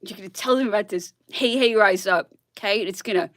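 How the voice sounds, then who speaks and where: A woman's voice: on the high side, normal speed, few pauses, fairly bright tone, dry recording, clean studio sound. A woman blogger on a casual, worked-up rant who keeps asking "okay?" and laughs between her points.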